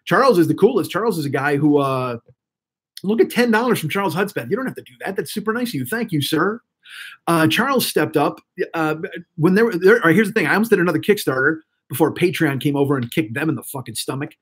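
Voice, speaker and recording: A hoarse man in his fifties hosting a live stream, rambling and swearing excitably as he chats with viewers. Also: fairly high pitch, quick pace. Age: 50s. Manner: rambling, profane, excitable, talks to chat. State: hoarse throat. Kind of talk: casual live-stream chat.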